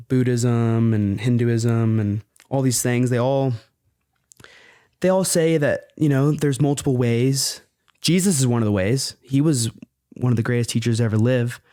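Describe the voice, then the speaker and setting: A man's voice: medium pitch, dark tone, no room sound. Earnest man with a dry voice. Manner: earnest and fervent, peppered with "bro". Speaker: podcast guest. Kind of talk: casual podcast talk.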